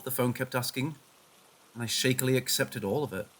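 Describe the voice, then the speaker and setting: A man narrates a first-person horror story in a hushed, tense manner. His voice sits at a middle pitch for a man. He reads it as a scripted telling. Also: a little fast.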